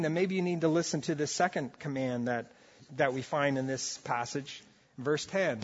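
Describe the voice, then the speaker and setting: Man, pastor, impassioned sermon, loud-to-soft delivery, fairly high voice, long church reverb. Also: highs cut off.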